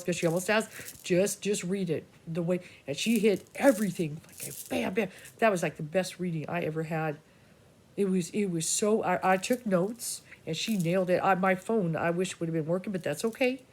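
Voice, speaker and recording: A woman's voice: fairly low pitch, a little mellow. A woman psychic reader talking to her viewers in a rambling personal monologue, casual, swearing freely and restarting her sentences often. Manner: scattered, full of restarts and asides.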